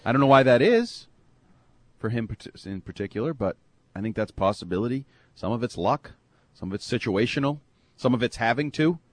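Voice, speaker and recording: Sports talk guy, lively ups and downs in his voice, dry close mic, opinionated. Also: mid-range voice, a little fast, no echo. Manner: opinionated, animated, joking banter. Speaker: sports radio co-host.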